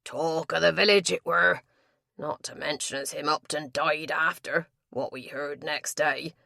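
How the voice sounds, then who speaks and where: A woman's voice: sits low, fairly even intonation, unhurried, vocal fry, pushed and bright, no echo, clean studio sound, heavily acted. A woman reading nosy elderly male tavern regulars who speak in rustic dialect. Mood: curious. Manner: rustic dialect, chatty and curious.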